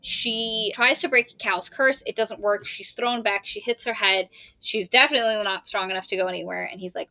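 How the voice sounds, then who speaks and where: A woman co-hosting a podcast, retelling a novel's plot in casual, animated chat, swearing and quoting characters. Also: mid-range voice, normal speed, no room sound, lo-fi sound. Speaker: podcast co-host. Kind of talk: casual book review chat.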